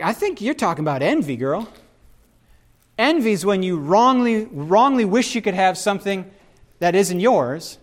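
A middle-aged man preaching in an animated, conversational way and often turning to his listeners with asides. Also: sits high. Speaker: pastor. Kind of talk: sermon.

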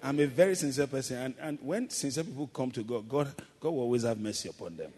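A man's voice: medium pitch, lively intonation, quick pace, a little mellow, long reverb tail. A male pastor preaching a sermon, calling for amens and acting out playful asides. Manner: preaching with call-and-response and playful acted asides.

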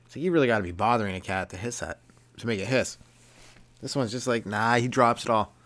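A man's voice: fairly low pitch, quick pace, a bit bright. A young man hosting a comedy podcast, rambling through a casual monologue, swearing and laughing at his own jokes.

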